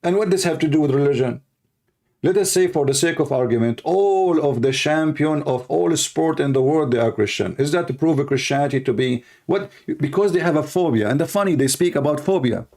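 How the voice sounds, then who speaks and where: A man's voice: fairly high pitch, lively intonation, fairly quick, darkish tone. A man giving a sarcastic, insulting rant in a video commentary, speaking English with loose grammar. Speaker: religious critic answering a video.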